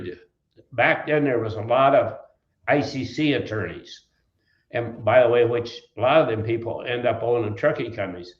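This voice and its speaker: A man's voice: medium pitch, steady tone, a little slow, roomy sound, dull audio. An older man from Wisconsin, a trucking company founder, telling rambling, folksy stories in an interview. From Wisconsin, USA. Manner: folksy, rambling anecdotes with restarts. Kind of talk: storytelling in an interview.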